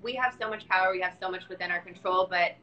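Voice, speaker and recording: A woman with a bright, sharp-edged voice interviewing a friend. She asks her questions casually and warmly, with plenty of filler words. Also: fairly low pitch, fast talker, dull audio. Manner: friendly, laughing easily, filler-heavy questions.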